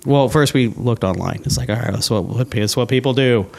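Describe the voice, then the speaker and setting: A man's voice: medium pitch, a little fast, creaky, a little mellow. A man in an interview, telling a personal story casually and acting out his own past thoughts. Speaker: interview guest.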